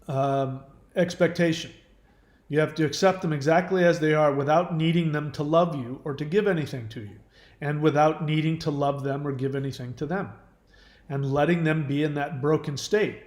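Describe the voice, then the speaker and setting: A man's voice: a little high, echoey room. A man hosting a casual livestream, answering viewer questions earnestly with fillers and restarts.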